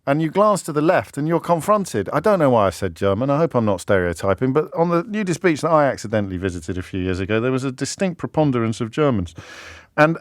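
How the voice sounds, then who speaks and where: Radio host, English man, wry and self-mocking, lively swinging delivery, dry close studio sound. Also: mid-range voice, no echo. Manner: wry, rambling, self-mocking, searching aloud for words. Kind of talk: talk radio monologue.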